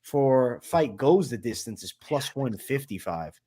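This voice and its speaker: A man's voice: medium pitch, animated, unhurried, dark tone, slightly rough. A man hosting a casual sports betting chat, laid-back as he breaks down odds and picks. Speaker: host.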